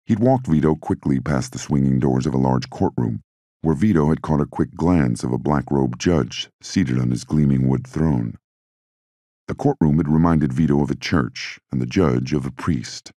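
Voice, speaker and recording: A man giving measured, scripted audiobook narration into a close mic. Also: extremely low pitch, warm tone, no room sound.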